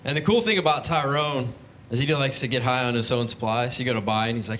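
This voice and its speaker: A man's voice: medium pitch, fast talker, fairly bright tone, a little hiss or hum. Laid-back young male stand-up comic. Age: young adult. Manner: laid-back storytelling with acted-out voices. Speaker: stand-up comedian. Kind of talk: stand-up comedy set. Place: comedy club stage.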